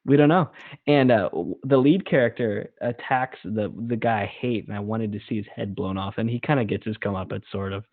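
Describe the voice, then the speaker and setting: A man's voice: fairly low pitch, a little fast, hardly any pauses, dry recording. A young man co-hosting a casual chat show, talking at length with enthusiasm and acting out scenes he describes. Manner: rambling, enthusiastic, acts out movie scenes. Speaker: podcast co-host. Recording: dry, phone-like lo-fi sound.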